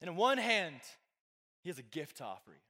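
Speaking briskly in a slightly high, sharp-toned voice, a young youth pastor is very animated. His casual sermon, loaded with fillers and jokes for the crowd, echoes with the long reverb of a church hall before a live audience.

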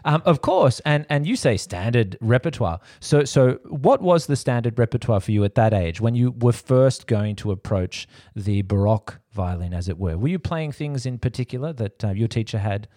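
Male podcast interviewer, middle pitch, enthusiastic, dry sound. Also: expressive, normal speed, few pauses, mellow, dry recording. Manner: enthusiastic, long winding questions. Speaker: interviewer, host. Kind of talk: conversational interview.

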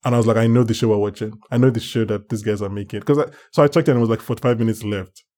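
Animated male podcast co-host. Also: lowish voice, very fast. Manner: animated, acts out his own reactions in quotes. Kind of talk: casual chat.

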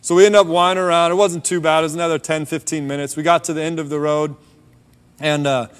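A man's voice: on the high side, quick pace, smooth. Man preaching in a reverberant hall. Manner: relaxed storytelling, drops softer on key points. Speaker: preacher sharing a testimony. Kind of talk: conversational sermon testimony.

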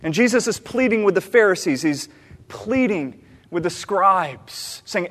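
A man from the American South preaching a sermon, animated and storytelling, acting out the characters and repeating phrases for emphasis. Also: sits high, a little slow. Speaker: pastor. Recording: long reverb of a large hall.

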